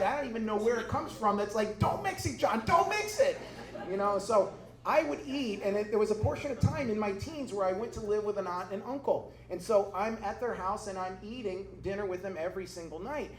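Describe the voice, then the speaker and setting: A middle-aged man, a pastor, giving a conversational sermon with humorous personal stories to a congregation. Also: high-pitched. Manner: humorous, conversational, acts out quoted voices. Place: church hall before a congregation. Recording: echoey room with faint noise.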